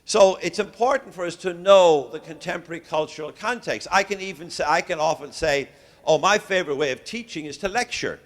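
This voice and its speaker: A man's voice: a little high, fairly quick. A man from Ireland with an Irish accent, giving a genial, joking lecture to religious educators as a visiting professor, with frequent hesitations. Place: lecture hall.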